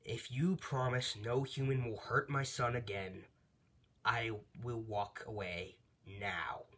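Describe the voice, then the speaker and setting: A man's voice: mid-range voice, fairly even intonation, takes it slowly, fairly bright tone. A man doing a scornful fallen angel father. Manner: taunting, scornful.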